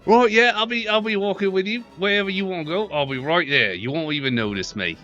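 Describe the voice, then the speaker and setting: A fawning, talkative palace guard for a tabletop game, as a man puts him on. He is over-eager to please and agrees with everything in a bright, quick way. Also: sits high, lo-fi sound, faint music behind, voice pushed up. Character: eager, chatty male palace guard escorting guests.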